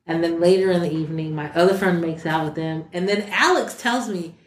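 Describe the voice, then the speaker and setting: A woman with a fairly low voice tells a casual story as a podcast guest, jumping up into other voices whenever she quotes someone. She sounds animated throughout. The room around her is echoey. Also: fairly quick, a little hiss or hum. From Texas. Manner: animated, acts out quoted lines in raised voices.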